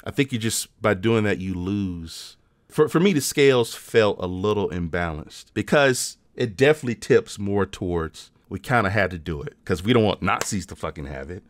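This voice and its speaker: A man co-hosts a casual movie podcast in a fairly low voice. He talks through his take in a thoughtful way, often letting his phrases fall off quietly. The recording is dry, with no room sound. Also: lively intonation, moderate pace, no echo. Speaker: podcast co-host. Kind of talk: casual movie review chat.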